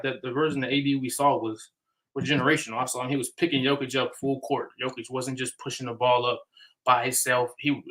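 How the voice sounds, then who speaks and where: Guy cohosting a hoops podcast, flat delivery, bright tone, keeps restarting sentences. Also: medium pitch, poor audio. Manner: restarts and repeats words often. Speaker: podcast co-host. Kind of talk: casual sports talk.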